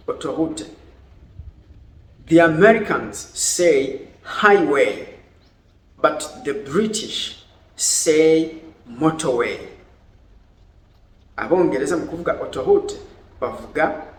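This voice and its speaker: A Burundian-accented man runs a vocabulary lesson, saying each word slowly and clearly and switching languages as he goes. His voice sits a little high for a man. It carries an echo from the room and a faint hiss in the background. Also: fairly bright tone. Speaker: English teacher.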